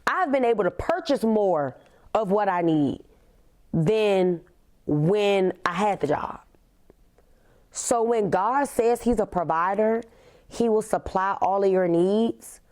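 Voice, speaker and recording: A woman, hosting a podcast and telling a personal story in an emphatic way, often leaning on "literally" and slowing down on key words. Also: mid-range voice, lively intonation, a little mellow. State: tearful. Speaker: podcast host.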